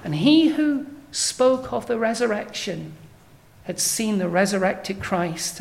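Woman preaching an emphatic sermon. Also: a little high. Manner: measured preaching with emphatic rising declarations.

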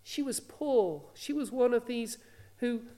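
A woman's voice: a little high, takes it slowly, mellow. A woman preaching a sermon, telling a story earnestly and asking rhetorical questions.

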